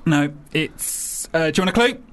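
A man's voice: a little high, expressive, moderate pace, a loud crowd. A man running a guessing game, giving clues hesitantly with a teasing edge. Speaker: quiz master giving the clues. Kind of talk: casual chat.

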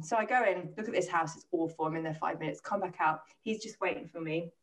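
A woman in her thirties telling a lively, sweary anecdote as a podcast co-host. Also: fairly low pitch, quick pace, hardly any pauses, recorded from a distance. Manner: swearing, anecdotal, animated retelling with quoted voices. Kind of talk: casual storytelling chat.

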